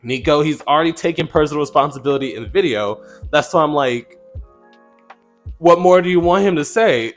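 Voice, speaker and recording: Twenty-something guy ranting, kinda high voice, blunt, swears, light music in the back. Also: expressive, a little fast. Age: 20s. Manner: indignant, blunt, swears casually. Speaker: commentary channel host. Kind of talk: reaction commentary.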